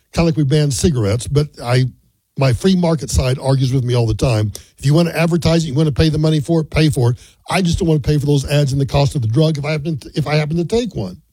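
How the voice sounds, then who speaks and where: A man's voice: on the high side, dark tone, husky, no echo, rough recording. An older man hosting a talk radio show, giving folksy, opinionated commentary.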